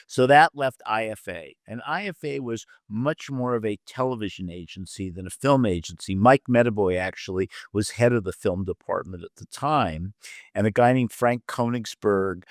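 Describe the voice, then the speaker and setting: A lowish male voice at normal speed, recorded cleanly in a studio with no echo. The older man is a literary agent and producer appearing as an interview guest, spinning career anecdotes and acting out what the people in them said. He's a lively, loose talker who uses fillers and restarts mid-thought.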